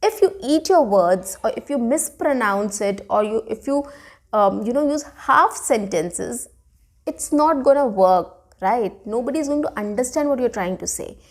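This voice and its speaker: A woman teaching a spoken lesson to camera, smiling and expressive, with many "okay" and "you know" fillers. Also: fairly high pitch, moderate pace. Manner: frequent "okay" and "you know" fillers, demonstrates intonation with example sentences; smiling and expressive while speaking. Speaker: English teacher.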